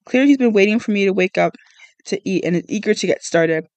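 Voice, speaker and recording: A man's voice: high voice, fast, no room sound. A man reading a novel aloud for his podcast in an unpolished way, often stumbling and correcting himself. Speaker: podcast reader.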